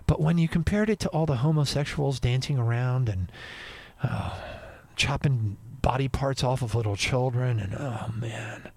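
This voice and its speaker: A man hosting a radio show, ranting in an indignant monologue that swings between loud and quiet. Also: mid-range voice, moderate pace, dry recording.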